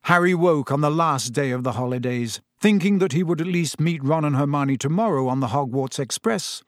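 A man's voice: fairly high pitch, normal speed, dry recording. Man reading a story aloud, dry close sound. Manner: steady storytelling. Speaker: audiobook narrator. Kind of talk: scripted narration.

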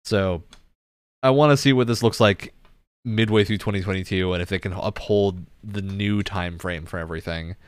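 A man hosting a casual gaming news chat, relaxed and chatty with frequent laughs. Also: on the low side, moderate pace, clean tone, no room sound. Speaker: podcast host.

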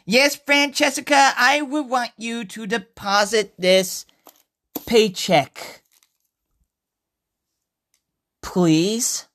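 A woman's voice: medium pitch, extremely slow, a little mellow. A woman voicing a nervous, timid bank customer who hesitantly talks themself into speaking up. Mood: timid polite. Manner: hesitant, timid, self-encouraging.

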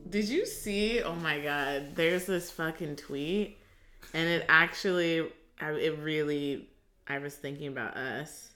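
A woman's voice: deep voice, slow, a bit bright. A woman co-hosting a podcast in casual chat, laughing often and swearing freely. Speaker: podcast co-host. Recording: roomy sound with guitar playing.

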